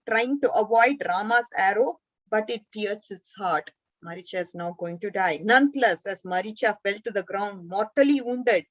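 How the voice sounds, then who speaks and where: A woman teacher tells a story to a class of children, stopping often to quiz them. Her voice sits high and sounds close and dry. The recording is slightly dull and lo-fi. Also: no room sound. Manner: asks the class frequent questions; gently scolds a student.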